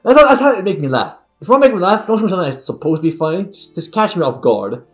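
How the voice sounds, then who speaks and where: A man's voice: high voice, very animated, very fast, soft background music. A man giving a casual reaction commentary on a film, laughing often and repeating his exclamations. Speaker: reaction video creator.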